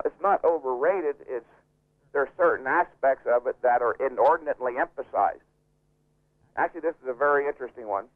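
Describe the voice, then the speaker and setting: A man's voice: medium pitch, no room sound. A man being interviewed, explaining in an emphatic, lecturing way and repeating his key points. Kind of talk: radio interview. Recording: dry, phone-like radio recording.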